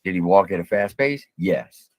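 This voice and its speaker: A man with a very low, gravelly voice recounts events bluntly, step by step. His delivery drawls and his pitch swings widely. A husky edge runs through it. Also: lively intonation, moderate pace, no echo. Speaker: storyteller guest. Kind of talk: casual storytelling.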